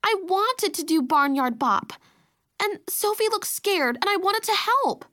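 A woman voicing an excitable, attention-loving young girl who talks loudly and emotionally. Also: sits high, normal speed. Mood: upset. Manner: loud, emotional, showy.

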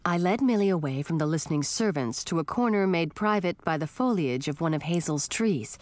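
A woman narrating a first-person fantasy audiobook in an expressive storytelling manner. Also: on the low side, moderate pace, dry recording.

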